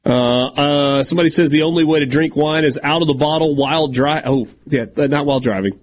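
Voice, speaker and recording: A man's voice: on the high side, fairly even intonation, brisk, slight background noise. A man hosting sports talk radio, teasing his co-host and reading listener messages aloud.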